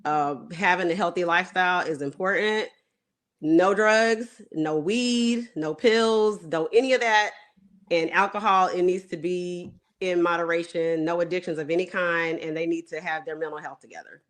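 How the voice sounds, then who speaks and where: A woman's voice: fairly low pitch, normal speed. A woman in her forties from Houston with a Texan country accent, chatting casually as a caller on a show. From Houston, Texas. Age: 40s. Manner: chatty, talks while busy. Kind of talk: casual call-in chat.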